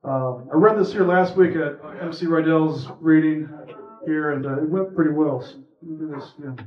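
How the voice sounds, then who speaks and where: A man with a slightly high voice reads a personal story aloud at a live event, relaxed and conversational. He sounds muffled and far from the mic, in a roomy, echoing space. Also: normal speed. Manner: relaxed, conversational, a few fillers between parts. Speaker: reader at a live reading. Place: indoor reading event. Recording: echoey room, from far off, muffled.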